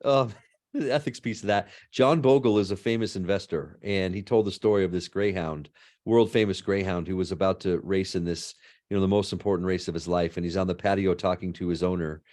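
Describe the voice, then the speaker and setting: Low-voiced man, animated storyteller. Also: brisk. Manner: animated storyteller, frequent "right?" tags. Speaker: law and ethics professor. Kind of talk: interview answers.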